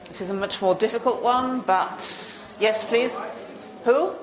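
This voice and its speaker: A woman from Britain leading a teacher-training workshop, asking the audience quiz questions and briskly confirming their answers. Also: fairly high pitch, crowd noise. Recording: echoey room.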